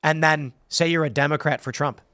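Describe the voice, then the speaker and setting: Animated male podcast host, dry studio. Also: a little high, a little fast, clear, resonant tone, no room sound. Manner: animated storytelling with acted-out quotes. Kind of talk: casual chat, reading viewer comments.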